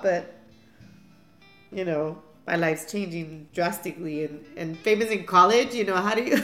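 Gravelly-voiced woman telling her story. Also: lowish voice. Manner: candid, laughs often, restarts mid-sentence. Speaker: mother telling family story. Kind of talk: personal storytelling interview. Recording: echoey room with soft guitar music.

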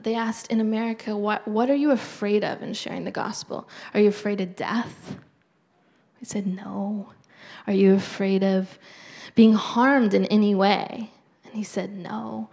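Middle-aged woman preacher, gravelly, earnest and conversational, drops to a near-whisper. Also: mid-range voice, steady tone, slow pace, a little mellow. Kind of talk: sermon.

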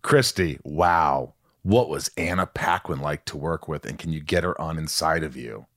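Very deep-voiced man hosting a podcast. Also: a bit bright, dry recording, clean studio sound. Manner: reads listener questions rapid-fire. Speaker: podcast host. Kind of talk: casual interview chat.

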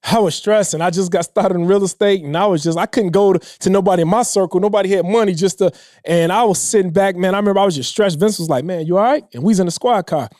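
A man in his thirties telling a personal story in a casual, emotional way, dropping low and quiet when he quotes others. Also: quick pace, no room sound, studio quality. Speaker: podcast guest.

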